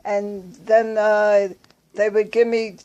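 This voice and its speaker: A woman's voice: mid-range voice, level tone, takes it slowly, mellow, dull audio. An older woman telling her own story in a casual, rambling way, with fillers and self-corrections. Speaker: storyteller recounting her past. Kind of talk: casual spoken recollection.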